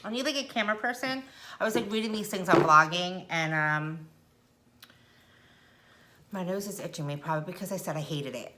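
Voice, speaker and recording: A woman's voice: fairly low pitch, normal speed, pushed and bright, slight background noise. A middle-aged woman chatting casually through a makeup tutorial at home, rambling and self-deprecating. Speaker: makeup vlogger. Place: indoors at home.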